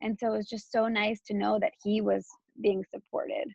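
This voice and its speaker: Woman from Texas, thirties, interview guest, gravelly voice, rambling with fillers, dry muffled recording. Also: mid-range voice, flat delivery, moderate pace, a little mellow, dry recording. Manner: talks in a loose flow, with many "like" and restarts. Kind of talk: candid personal interview.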